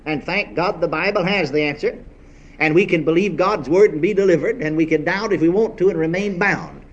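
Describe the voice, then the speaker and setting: A man preaching a sermon, exhorting his congregation with rhetorical questions and calls of praise. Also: high-pitched.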